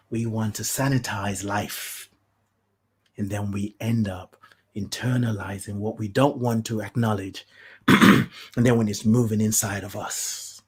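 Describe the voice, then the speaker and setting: A podcast host speaks heartfelt and preachy in a casual spiritual talk, sometimes flaring into animated rants and blessing the listener. The voice is medium-pitched and slightly rough.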